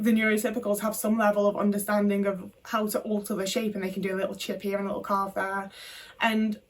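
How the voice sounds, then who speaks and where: A woman's voice: medium pitch, distant mic. A young woman talking to camera in a candid, frustrated monologue, swearing freely. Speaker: vlogger.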